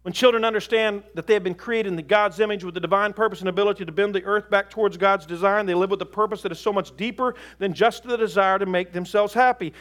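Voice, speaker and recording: A middle-aged man preaching a sermon to a live audience, emphatic and animated, with folksy joking asides. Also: high-pitched, fast talker, few pauses.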